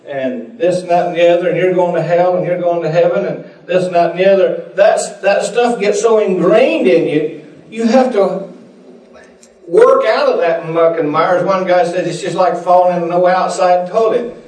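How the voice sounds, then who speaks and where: A man's voice: high-pitched, moderate pace, a little mellow. A man preaching a sermon and telling folksy stories, acting out the voices of the people in them. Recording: echoey room, voice picked up from a distance.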